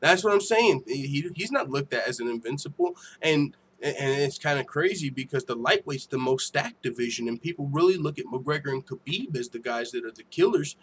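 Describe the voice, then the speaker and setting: A man hosting a casual livestream, reading viewer comments aloud with profane, laughing, animated banter. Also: medium pitch, fairly quick, hardly any pauses, slight background noise. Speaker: MMA show host.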